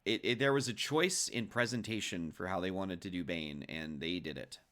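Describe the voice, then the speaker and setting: Bright-toned man chatting about films. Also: sits low, normal speed. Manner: rambling, restarts phrases, teasing. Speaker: podcast co-host. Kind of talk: casual film discussion.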